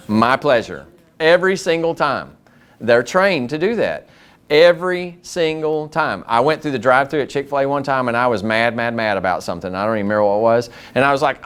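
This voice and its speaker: A man running a staff training session on customer service, speaking to a live group in a meeting room. He talks at an everyday middle pitch and tells stories with lively acted-out dialogue. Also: smooth. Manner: lively storyteller who acts out dialogue. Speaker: school district staff trainer.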